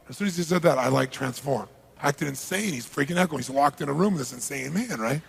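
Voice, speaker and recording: Male seminar speaker, rough and raspy, with an animated storytelling style and shouted reenactments. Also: mid-range voice, quick pace. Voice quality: raspy, gravelly. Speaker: motivational speaker.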